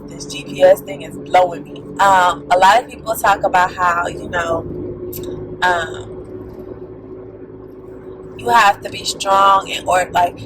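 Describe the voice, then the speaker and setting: A woman's voice: on the low side, background noise. A woman in her thirties talking candidly to camera as a vlogger, rambling with lots of fillers. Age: 30s. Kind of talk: casual talk to camera. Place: in a car.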